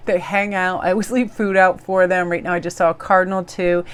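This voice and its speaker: A woman's voice: fairly low pitch, flat delivery, fairly quick, smooth. A woman giving a casual daily tarot reading in a bubbly, effusive, chatty way. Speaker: tarot reader.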